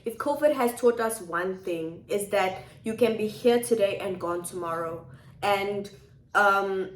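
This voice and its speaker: A woman's voice: mid-range voice, unhurried, a little hiss or hum. A woman vlogging at home, talking things through in a reflective, repetitive way. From South Africa. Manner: reflective, speaks in repeated phrases. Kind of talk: personal vlog confiding to viewers. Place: home kitchen. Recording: echoey kitchen.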